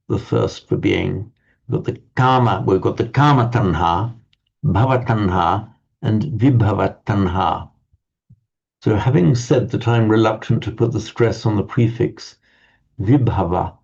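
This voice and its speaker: A man teaching a Pali class, talking in a halting, thoughtful way with many restarts, on a dull lo-fi recording. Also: mid-range voice, gravelly, a little mellow, husky.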